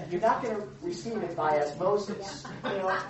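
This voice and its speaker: A woman's voice: mid-range voice, moderate pace, heavy reverb, recorded from a distance, very noisy. A woman pastor preaching a sermon in a conversational way, asking her congregation questions.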